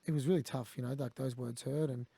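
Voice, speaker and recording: Fast, gravelly Australian man. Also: mid-range voice, fairly even intonation, mellow, no room sound. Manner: blunt, swears, quotes others. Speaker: guest. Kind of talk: candid conversational storytelling.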